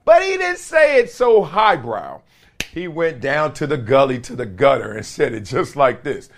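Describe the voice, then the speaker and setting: Animated slangy man hosting a sports show. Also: mid-range voice, moderate pace, gravelly. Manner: animated, slangy, laughs between jokes. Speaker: podcast host. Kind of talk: casual sports commentary.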